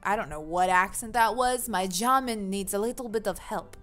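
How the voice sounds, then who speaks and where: A woman's voice: medium pitch, fairly quick, hardly any pauses, a bit bright, faint music behind. A young woman streaming a dating game, chatting casually with viewers in a giggly, self-mocking way. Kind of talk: casual livestream commentary.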